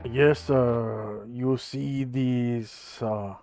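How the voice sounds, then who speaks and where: A man narrating a tabletop game as game master, slow and hesitant with frequent fillers. His voice is mid-pitched and unhurried, with faint music underneath. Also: steady tone, a little mellow.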